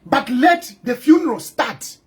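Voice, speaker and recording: A man's voice: very high-pitched, animated, measured pace, husky. Indignant Zambian man ranting to camera. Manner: indignant, repetitive, rhetorical questions. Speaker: political commentator. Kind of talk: impassioned video monologue. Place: in exile abroad.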